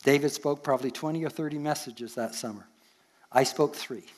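A man's voice: medium pitch, fairly quick. An older man with a Canadian accent, a pastor preaching a sermon and telling stories from his life in an earnest way, chuckling at himself now and then.

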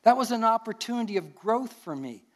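An older Canadian pastor preaches, telling stories from his own life in an earnest, personal way. His voice sits a little high for a man, and he chuckles at himself now and then. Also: lively intonation, fairly quick. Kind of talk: sermon.

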